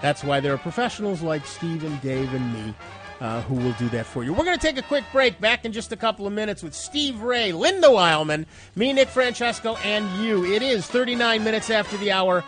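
A man's voice: sits high, very animated, brisk, over music. A man hosting a radio tech show, stuffed up from a cold, chatting and reading news with wry asides. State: stuffed up nose.

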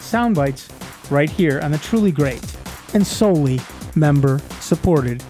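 A man's voice: a little high, animated, unhurried, mellow, soft background music. A man hosting a call-in computer radio show, talking casually and walking callers through steps in a rambling, chatty way. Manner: chatty, rambling, explains step by step. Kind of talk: call-in radio tech advice. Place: radio studio. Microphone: studio microphone.

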